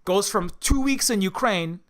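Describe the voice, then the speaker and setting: A man's voice: sits high, animated, moderate pace. A man voicing a scheming, greedy British oligarch who plots aloud in a musing way.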